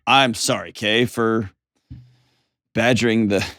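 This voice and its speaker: A man's voice: fairly low pitch, fairly even intonation, takes it slowly, sharp tone, dry recording, studio quality. A man hosting a call-in advice show, talking in an earnest, coaching way and often repeating his phrases. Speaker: host giving advice.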